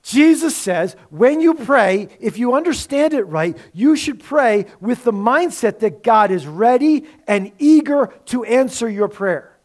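A male pastor delivers a Sunday sermon with a notably high voice. He preaches conversationally, often asking his listeners rhetorical questions. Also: lively intonation, a little slow, hardly any pauses.

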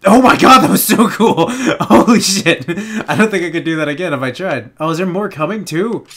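A young man giving casual let's play commentary, excitable and giggly, with panicky outbursts and a lot of swearing. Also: high voice, moderate pace, husky. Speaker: gaming channel host.

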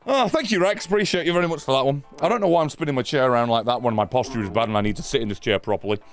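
A man's voice: mid-range voice, very fast, faint music behind. A man in his thirties giving live, sweary game commentary, ranting at the game in exasperation. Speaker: gaming streamer.

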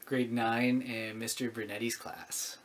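A man's voice: medium pitch, little pitch movement, unhurried. A teenage boy answering quiz questions as a guest, joking and playfully cocky. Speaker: guest boyfriend. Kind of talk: casual chat, tag video.

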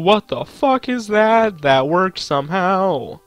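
A man's voice: high voice, lively intonation, slow, hardly any pauses, no echo, soft background music. A young man commentating his own gameplay, joking to himself and swearing at the game. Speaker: gaming channel host.

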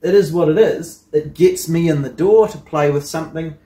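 A man's voice: fairly high pitch, moderate pace, dark tone, echoey room. A man hosting a hobby engineering channel, talking casually and rambling with frequent ums and you-knows. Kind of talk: casual vlog commentary.

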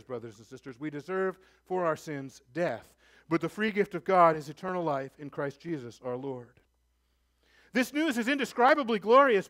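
Male pastor, sermon, high voice, earnest, emphatic then hushed, church. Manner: earnest, rises to emphatic then drops low and soft.

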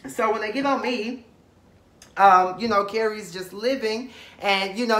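A man's voice: high-pitched, fairly even intonation, measured pace, fairly bright tone, roomy sound. A man with an East Texas accent hosting a casual reality-show review, sassy and profane, talking straight to the people on the show. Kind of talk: casual commentary.

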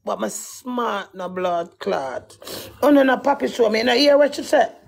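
Distraught Jamaican woman, high and gravelly. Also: expressive, normal speed. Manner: agitated, swears heavily, in Jamaican patois. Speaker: guest. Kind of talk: emotional interview talk.

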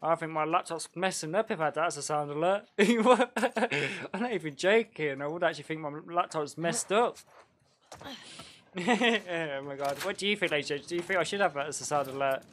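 Excitable man streaming a game. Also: on the high side, normal speed. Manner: excitable, chatty, laughs often, mild slang. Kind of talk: casual game-stream commentary.

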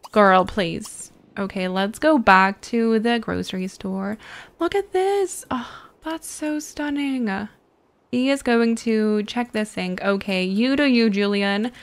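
A woman with a high voice narrates her game in a slow, unhurried way. She gushes and squeals over cute moments and laughs easily. It sounds like casual commentary recorded at a desk mic. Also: lively intonation, clear, resonant tone. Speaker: gaming channel host.

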